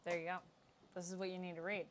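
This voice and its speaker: A woman hosting a casual chat, chatty and excitable, laughing easily. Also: on the low side, fast. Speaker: host.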